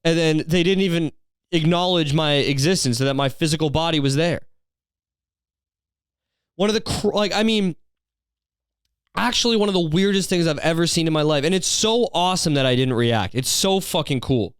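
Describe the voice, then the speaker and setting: A man's voice: a little high, normal speed, long pauses, clean tone, dry recording. A man hosting a solo podcast, rambling through a story in a profane, incredulous way on a close mic. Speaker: podcast host.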